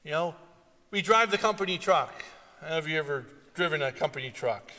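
A man preaching a sermon, telling stories with animated delivery and sudden loud outbursts. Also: a little high, a little fast. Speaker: pastor. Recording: long hall reverb.

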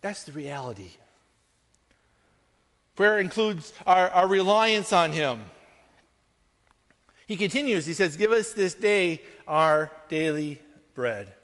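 A pastor delivers his sermon in an earnest, conversational way, his voice sitting high for a man. He keeps checking in with the congregation with quick asides. The sound rings with the long reverb of a large hall. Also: lively intonation, fairly bright tone. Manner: earnest, conversational preaching with frequent "right?" asides.

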